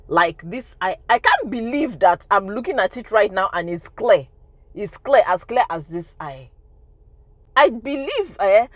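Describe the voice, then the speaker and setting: A woman's voice: mid-range voice, no echo. Emphatic Nigerian woman telling a story. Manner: emphatic, repeats phrases for effect. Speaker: vlogger. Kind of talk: storytime testimony vlog.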